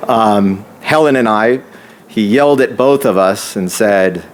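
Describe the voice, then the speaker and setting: A man's voice: on the low side, measured pace, a little hiss or hum. A man giving a speech at an opening ceremony, telling a personal story with many restarts. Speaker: housing nonprofit staff speaker.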